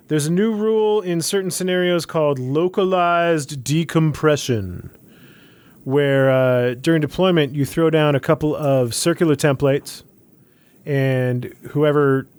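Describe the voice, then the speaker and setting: A man's voice: a little high, clear, resonant tone. A man co-hosting a casual podcast, explaining game rules in a hesitant way with lots of fillers. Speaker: podcast co-host. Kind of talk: casual podcast chat about a tabletop game.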